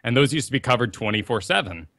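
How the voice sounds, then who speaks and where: A young man co-hosting a casual gaming podcast, telling rambling, animated stories. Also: medium pitch, quick pace. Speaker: podcast co-host.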